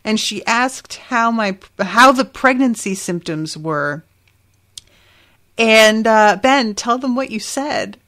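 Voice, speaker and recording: A woman's voice: a little high, animated, slow, a bit bright, exaggerated voice. A woman voicing an exasperated pregnant woman, in a dry, storytelling tone. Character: weary, amused pregnant woman.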